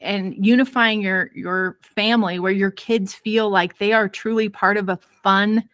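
A woman guest in an interview, telling a personal parenting story in an earnest, expressive way and laughing easily. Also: mid-range voice, a little slow, no room sound.

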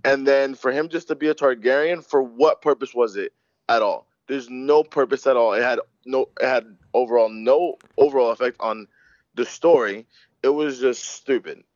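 A man's voice: medium pitch, normal speed, dry recording. A man in a casual discussion, blunt and emphatic, hammering his point home. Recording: dull lo-fi dry recording.

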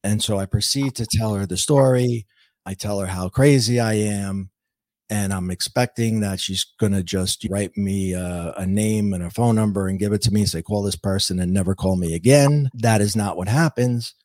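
A middle-aged man speaks in a lowish voice as a podcast guest, earnestly recounting his own story. He acts out what he once said, and his voice sounds dry and close, with no room echo. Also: normal speed, a little mellow. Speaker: guest, intuitive and author. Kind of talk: personal storytelling in a podcast interview.

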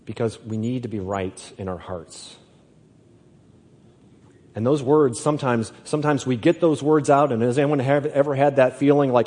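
A man preaching a sermon, slow and emphatic, often repeating his words. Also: mid-range voice, a little mellow, big-room sound.

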